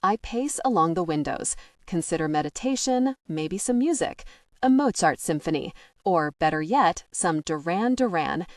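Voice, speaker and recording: A woman narrating a romance audiobook in the first person, slowing down and lingering over the heated passages. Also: on the low side, lively intonation, no echo, clean studio sound.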